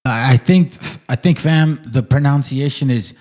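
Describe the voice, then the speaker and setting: A man in casual livestream chat, explaining a pronunciation by repeating it slowly, loose and swearing. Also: medium pitch, a little mellow. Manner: loose, cursing, repeats words slowly to demonstrate.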